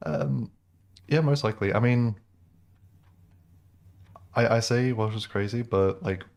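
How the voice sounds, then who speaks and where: A man's voice: lowish voice, a little mellow. A man chatting casually as he streams a game, rambling with lots of ums and likes. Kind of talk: casual gameplay commentary.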